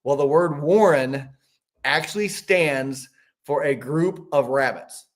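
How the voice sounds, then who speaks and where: A man's voice: fairly high pitch, slow. A man in his fifties telling a story as a podcast guest, rambling with frequent restarts. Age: 50s. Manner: rambling, animated, many restarts. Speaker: podcast guest, business owner. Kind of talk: casual storytelling.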